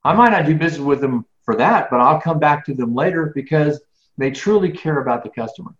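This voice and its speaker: A man's voice: fairly high pitch, a little fast. A middle-aged man answering interview questions in an earnest, rambling way, often repeating his words. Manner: earnest, rambling, repeats words, grows animated when ranting. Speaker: guest, business speaker. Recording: roomy, dull lo-fi sound.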